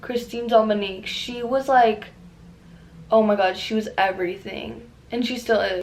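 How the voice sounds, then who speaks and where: A young woman rambling casually in a makeup vlog, profane and excitable with lots of fillers, recorded on a camera mic at home. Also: a little high, normal speed, slight background noise. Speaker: beauty vlogger.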